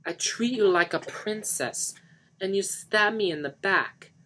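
A man's voice: high-pitched, unhurried, bright, forceful tone, slight background noise, pitched above the performer's own voice. A man voicing a betrayed, furious lover who wails and screams his anguish.

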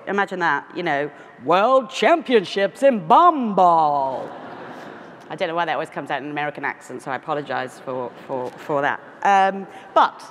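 Low-voiced London woman giving a keynote. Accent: London English. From London, England. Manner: warm, self-deprecating storytelling with asides and restarts. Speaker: keynote speaker. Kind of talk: conference keynote speech. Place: large conference hall. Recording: echoey hall with faint noise.

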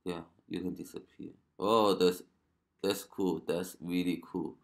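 Reaction host, male, low gravelly voice, unhurried halting English. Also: fairly even intonation. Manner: halting non-native English, amazed exclamations. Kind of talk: casual commentary.

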